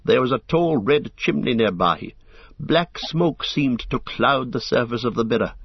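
Husky guy reading a story aloud, dry close mic, kinda dull sound. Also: mid-range voice, animated, unhurried, no room sound. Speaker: audiobook narrator. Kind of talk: storybook narration. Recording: dull lo-fi audiobook recording.

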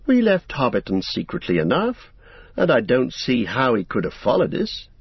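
A cheeky young hobbit teases in a high, lively voice, as a male audiobook reader does him. The recording is dull and dry. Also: creaky, husky, no echo, heavily acted. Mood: doubtful. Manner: teasing, brisk.

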